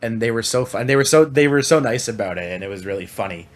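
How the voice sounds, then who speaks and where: Quick-paced and lively in intonation, this mid-range male voice belongs to a Canadian podcast co-host. He chats casually and rambles, restarting often and using lots of fillers.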